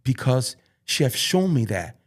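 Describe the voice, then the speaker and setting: An earnest man talks as a podcast guest about his life in football. He speaks in halting bursts and circles back over his own phrases. His voice sits at an ordinary middle pitch for a man. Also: sing-song. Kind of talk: emotional personal storytelling.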